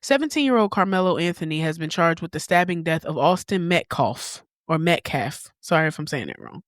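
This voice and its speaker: A woman's voice: on the low side, big pitch swings, quick pace, no echo. Blunt woman podcast host, dry close sound. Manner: blunt, candid, swears casually. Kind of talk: opinionated commentary.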